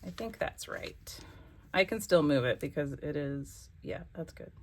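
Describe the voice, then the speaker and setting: Chatty woman hosting a slow craft vlog. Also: deep voice, animated, a little mellow, a little hiss or hum. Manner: chatty, exclamatory, talks to herself while working. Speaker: crafting channel host. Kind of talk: casual crafting vlog chat.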